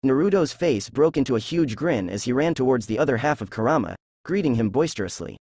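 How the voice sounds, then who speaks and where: A young man reading a fan-fiction story aloud at a steady, unhurried pace. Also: mid-range voice, no echo, studio quality.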